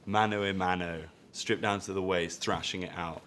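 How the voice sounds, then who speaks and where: A man's voice: low-pitched, fairly even intonation, moderate pace, background noise. A man hosting an interview in a bar, asking questions in a jokey, playful way. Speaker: interviewer host. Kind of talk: casual interview chat.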